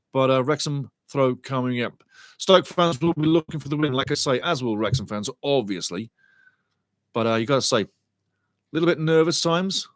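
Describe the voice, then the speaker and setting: A man hosting a live football watchalong, giving rambling, chatty match commentary and shouting out to viewers in the chat. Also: fairly high pitch, dry recording. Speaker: watchalong host.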